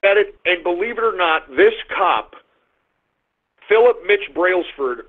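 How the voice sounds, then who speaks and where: A man hosting an internet talk radio show, ranting loudly and cursing. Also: high-pitched, animated, measured pace. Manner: ranting, profane, loud outbursts. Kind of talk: call-in talk radio monologue. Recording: tinny phone-line sound.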